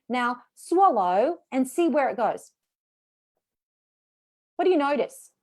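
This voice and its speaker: A woman voice coach leading a live online workshop, chatty and encouraging as she demonstrates vocal exercises. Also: high voice.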